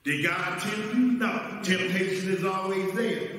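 A high-pitched man preaching a slow, deliberate Bible lesson, firing rhetorical questions at his congregation. His voice rings through a big echoey church hall, picked up from well away from the mic. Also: steady tone, a bit bright, far from the mic. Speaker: pastor. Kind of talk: Bible study teaching. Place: church sanctuary.

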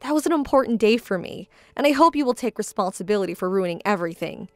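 A woman voicing a hurt, firm young bride-to-be who speaks in a measured, indignant tone. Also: mid-range voice, lively intonation, no echo, natural voice. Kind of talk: dramatized story voice acting.

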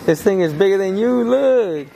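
A man's voice: sits high, lively intonation, moderate pace, gravelly, dark tone, low-quality recording. A man chatting casually in a vlog, joking and teasing as he talks. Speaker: vlogger.

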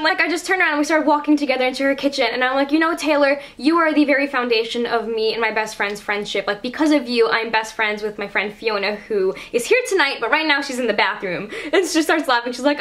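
Young woman, high voice, gushing vlogger story, filler-heavy delivery. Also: quick pace, fairly bright tone. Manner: gushing, says "like" constantly. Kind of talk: excited storytelling.

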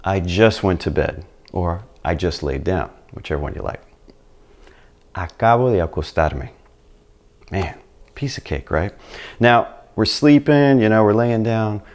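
A man's voice: low-pitched, animated, measured pace, darkish tone. A middle-aged man teaching a language lesson in a chatty, patient way, often checking in with the listener. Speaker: Spanish teacher.

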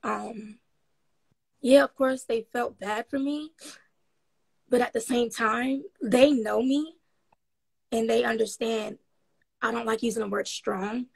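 Woman guest, rough breathy rasp, rambling frank storyteller with lots of ums, upbeat. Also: fairly high pitch, steady tone, slow pace, pauses often, low-quality recording. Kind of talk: casual interview storytelling.

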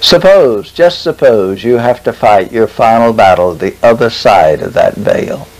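A man giving a testimony sermon, preaching dramatically with long pauses and slow, stressed phrases. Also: on the low side, animated, darkish tone, poor audio.

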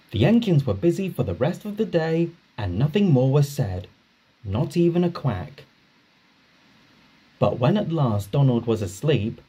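A man reading a children's story aloud at an unhurried pace. His pitch rises and falls very expressively, sitting a bit high for a man, and his voice has a husky grain. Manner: slow, expressive read-aloud. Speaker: narrator. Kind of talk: storybook narration.

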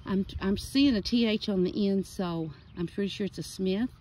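A woman's voice: medium pitch, moderate pace, a little mellow, low-quality recording. A woman walking through a cemetery, reading out names and dates from headstones in casual narration, slightly out of breath. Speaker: cemetery vlogger. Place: outdoor rural cemetery. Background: birds and outdoor ambience.

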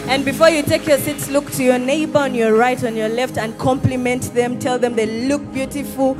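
A woman's voice: high-pitched, fairly even intonation, moderate pace. A woman hosting a church service, rousing the congregation with calls and responses. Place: church hall with live congregation. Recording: church service with music behind. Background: music.

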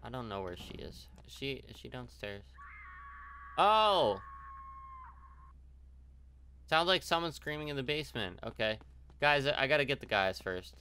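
A man's voice: medium pitch, lively intonation, fairly quick, bright, forceful tone, slight background noise. A young man playing a horror game, reacting jumpily, swearing and talking to himself. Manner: jumpy, swearing, talks to himself. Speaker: let's play gamer.

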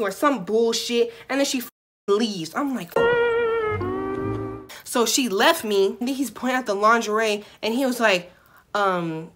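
Bright, animated young woman storyteller. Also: a little high, normal speed. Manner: animated, profane, dramatic storytelling. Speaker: vlogger. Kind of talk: storytime vlog.

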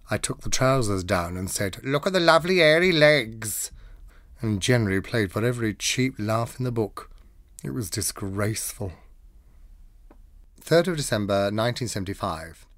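A man's voice: fairly low pitch, dry recording. A man reading diary entries aloud in an arch, mannered, theatrical way. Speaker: diary reader.

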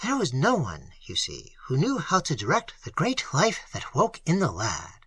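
A reader voicing a fervent, hoarse old pastor. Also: medium pitch, huge pitch swings, normal speed, fairly bright tone, dry recording, heavily acted. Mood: grave. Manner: fervent, emphatic.

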